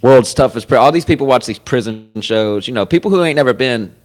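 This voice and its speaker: A man hosting a podcast in casual chat, rambling and profane, getting louder at times and laughing. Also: mid-range voice, animated, fairly quick. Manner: profane, rambling, swings loud with sudden laughs. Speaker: podcast host. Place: comedy club.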